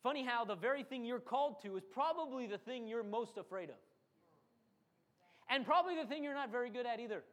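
This man's voice is very high-pitched, expressive and fairly bright, and he moves briskly through a dramatic sermon. He leans on repeated phrases and briefly mimics the voices of those he quotes.

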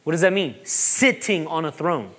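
A man, a pastor preaching a sermon, animated and joking, repeating phrases for emphasis. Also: a little high, moderate pace.

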